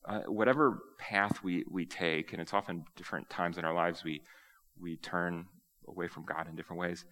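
Bright-voiced low male preacher. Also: normal speed. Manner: animated, acts out quoted speech. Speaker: pastor. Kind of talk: sermon.

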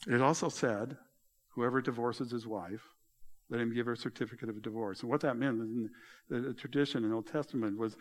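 A middle-aged male pastor preaching a sermon, telling stories in an animated way and raising his voice high when he retells dialogue. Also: brisk. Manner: animated storytelling, voice rising high in retold dialogue.

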